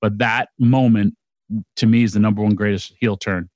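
A middle-aged man co-hosting a casual podcast, talking in an excitable, rambling way with quick restarts. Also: lowish voice, dry recording, highs cut off. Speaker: podcast co-host. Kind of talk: casual wrestling chat.

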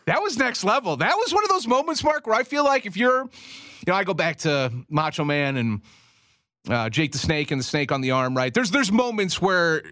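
High-voiced excitable radio host man. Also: moderate pace, no echo, clean studio sound. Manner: animated, excitable, laughs often. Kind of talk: casual radio sports talk.

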